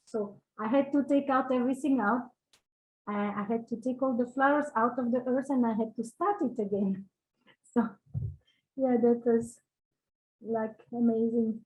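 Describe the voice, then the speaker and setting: A woman sharing personal memories in casual, halting speech, searching for words with many fillers and little laughs. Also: a little high, a little mellow, poor audio. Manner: laughs between phrases. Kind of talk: casual spoken reminiscence.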